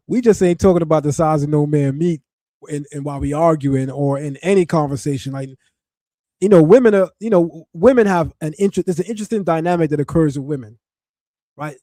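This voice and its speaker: A man's voice: a little high, mellow, no room sound. Man hosting an opinionated podcast. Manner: conversational, with laughs and filler words. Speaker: podcast host. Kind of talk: opinionated commentary.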